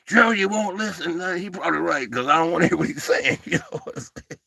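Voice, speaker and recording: A man's voice: high voice, expressive, brisk, creaky, bright, forceful tone, dry recording, studio quality. A man hosting a casual livestream, rambling in a folksy way and calling listeners "baby" and "man". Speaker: livestream host.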